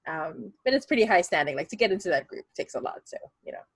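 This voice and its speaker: Brief: a rambling, chatty woman GM with a husky low voice. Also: very animated, quick pace, no room sound. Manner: chatty, many fillers and restarts, laughs. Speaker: game master. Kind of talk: narrating a tabletop game.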